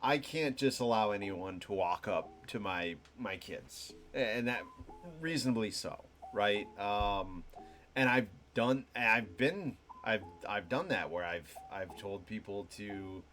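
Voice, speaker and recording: A young man hosting a live stream, talking in a halting, reflective way with many restarts and fillers. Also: lowish voice, lively intonation, fairly bright tone, a little hiss or hum. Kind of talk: rambling reflective monologue to chat.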